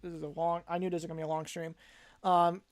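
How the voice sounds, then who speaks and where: A man's voice: fairly high pitch, little pitch movement, fast talker. A young man hosting a casual livestream announcement as a league organizer, rambling and often correcting himself mid-sentence. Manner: rambling, frequent self-corrections and restarts.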